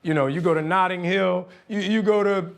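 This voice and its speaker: A man, telling profane, animated stories as a guest on a casual podcast. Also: high voice, moderate pace, creaky. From New Orleans, USA. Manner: animated, profane storytelling with frequent laughter. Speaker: guest actor. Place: podcast studio.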